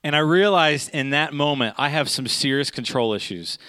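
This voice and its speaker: Animated man telling a funny story. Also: fairly high pitch, moderate pace, clean tone, no room sound. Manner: animated, with frequent "okay?" and "right?" checks to the audience. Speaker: speaker telling a personal story to an audience. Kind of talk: humorous personal storytelling.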